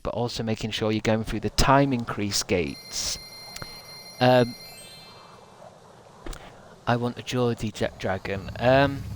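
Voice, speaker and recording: A man's voice: medium pitch, a little hiss or hum. A British man streaming a video game, chatting in a rambling, jokey way and trying out silly voices. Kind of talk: casual game stream chat. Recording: game music behind.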